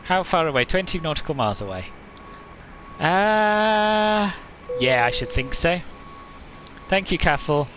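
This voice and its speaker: A man's voice: on the high side, big pitch swings, measured pace, long pauses, a bit bright, a little hiss or hum. A man hosting a flight simulator live stream, chatting casually, answering viewers' comments and laughing often.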